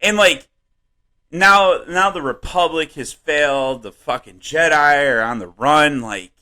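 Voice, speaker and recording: A man co-hosting a comedy podcast, rambling and swearing in casual chat, laughing often and jumping up in pitch when worked up. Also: measured pace. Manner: animated, voice jumps up when worked up. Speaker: podcast co-host.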